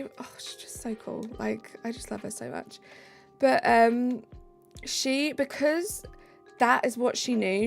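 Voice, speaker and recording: A woman's voice: fairly high pitch, creaky. A British woman streaming live, chatting casually and reading out viewer comments. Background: faint background music.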